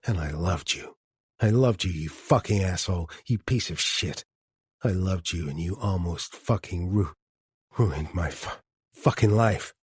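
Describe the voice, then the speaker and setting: A man voicing a grieving man confronting his former partner, tearful, rasping and broken. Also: deep voice, unhurried, darkish tone, no room sound, studio quality, exaggerated voice. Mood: tearful anger.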